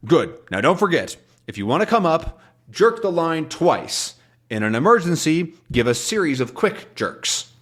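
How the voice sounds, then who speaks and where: A gruff middle-aged sea captain from a comic, read by a man whose voice is a bit raised and lively. He gives firm, commanding orders. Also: a little high, unhurried, pitched above the performer's own voice, full character voice.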